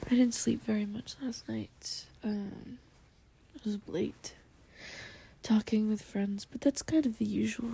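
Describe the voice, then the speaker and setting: A woman murmurs in a whispered role-play, her voice husky and full of morning gravel. She talks slowly and mellowly, gentle and encouraging toward the listener. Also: a little high. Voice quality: gruff morning voice. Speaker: comforting companion.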